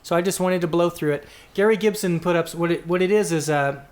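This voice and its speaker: A man's voice: high voice, brisk. A man co-hosting a podcast, chatting casually and reading out listener answers, rambling and correcting himself as he goes. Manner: rambling, self-correcting, reads quotes aloud. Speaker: podcast co-host.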